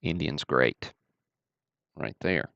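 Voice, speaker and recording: A man's voice: very deep voice, animated, takes it slowly, creaky, fairly bright tone, dry recording, muffled recording. A man from Alabama, casually hosting a card-break livestream with easygoing, chatty commentary.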